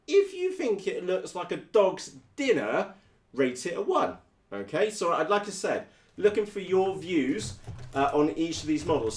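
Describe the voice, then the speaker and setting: A British man from the United Kingdom hosting a live stream about his radio-controlled models, blunt, energetic and full of slang. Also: fairly high pitch, echoey room. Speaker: RC hobby video host. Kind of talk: casual live-stream chat.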